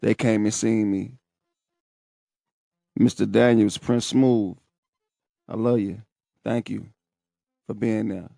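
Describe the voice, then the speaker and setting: Gravelly-voiced man telling his own story. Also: fairly low pitch, fairly even intonation, slow pace, pauses often, warm tone, no echo, clean studio sound. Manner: candid, profane, emotional storytelling. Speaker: podcast host. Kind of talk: casual personal storytelling.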